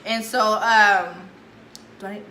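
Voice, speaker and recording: A woman's voice: medium pitch, steady tone, takes it slowly, sharp tone. A woman telling a friend's story in casual chat, acting out the dialogue and laughing as she goes. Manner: chatty, retells dialogue, laughs often. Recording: echoey room with faint noise.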